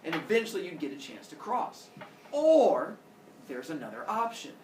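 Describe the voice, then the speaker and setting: Male teacher, lively storyteller, sound effects, roomy classroom heard from afar, noisy. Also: fairly high pitch, moderate pace. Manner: animated, acts out characters with sound effects. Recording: echoey classroom from far off.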